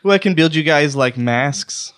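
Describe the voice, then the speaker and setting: A man's voice: on the high side, moderate pace, fairly bright tone, clear, resonant tone. Teasing, joking podcast host man. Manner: teasing, swears freely, laughs often. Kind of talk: casual podcast banter.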